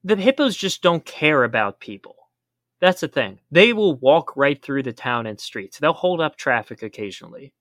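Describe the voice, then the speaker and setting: A man's voice: a little high, very animated, moderate pace, fairly bright tone, no echo, studio quality. A man co-hosting a podcast, explaining in a casual chat with emphatic warnings. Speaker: podcast co-host.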